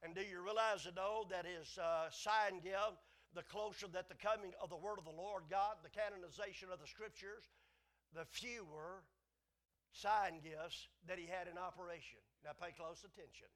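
A man preaching a Bible lesson, emphatic and repetitive, his delivery swinging from hushed lows to loud, ringing peaks. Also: fairly even intonation, normal speed. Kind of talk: sermon.

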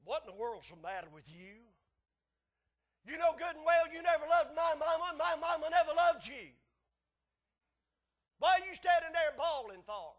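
A man's voice: a little fast, few pauses. A man voicing an exasperated wife who scolds her weeping husband. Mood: scolding. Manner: shrill, scolding, incredulous.

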